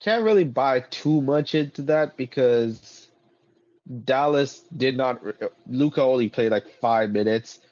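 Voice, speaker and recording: A man's voice: medium pitch, a little slow, darkish tone. Dry, stat-reciting male podcast co-host. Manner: rattles off stats, dry sarcasm. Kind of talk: casual sports chat. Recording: dull lo-fi podcast audio.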